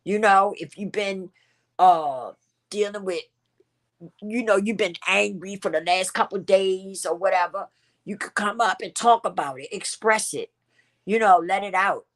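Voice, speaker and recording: A woman's voice: medium pitch, measured pace. A middle-aged woman, hosting her own vlog and talking candidly and emotionally, often repeating phrases for emphasis. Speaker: channel host. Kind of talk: heartfelt personal vlog talk.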